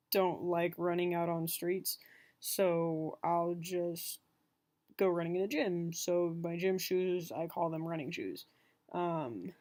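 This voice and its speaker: Lying in bed at home, a young vlogger with a Southern Californian accent chats into her laptop mic while reading an accent-tag word list. Her voice is fairly low and a little mellow, and she's giggly, chatty, and heavy on fillers.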